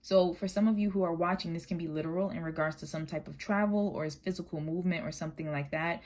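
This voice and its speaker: A woman giving a casual, earnest tarot reading to her viewers. She sometimes rushes her words. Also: fairly low pitch, steady tone, a little mellow. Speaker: tarot reader.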